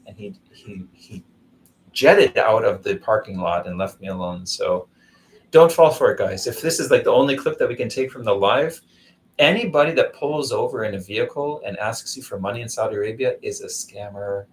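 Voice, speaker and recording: In a rough recording with slight background noise, a man with a lowish voice chats casually on a live vlog stream from Zamboanga City. Speaking at normal speed, he rambles through stories and answers viewers by name.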